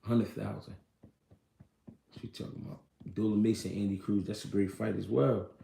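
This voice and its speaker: Livestream host, male, gravelly and laid-back, slangy chatter, echoey room. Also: lowish voice, little pitch movement, normal speed, warm tone, slight background noise. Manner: loose, slangy, reads and answers viewer comments. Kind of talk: casual livestream chat about boxing.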